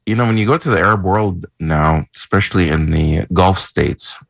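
A man with a very low voice co-hosts a talk radio show, rambling and teasing with frequent restarts. The mic is close and the sound is dry. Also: normal speed, gravelly, a bit bright, dry recording.

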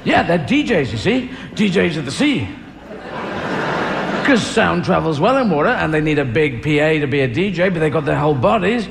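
A man's voice: fairly high pitch, sing-song, moderate pace, creaky, background noise. A male stand-up comedian rambling playfully and slipping into silly voices, recorded live with an audience. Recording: live stage recording, echoey hall, loud audience. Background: audience laughter.

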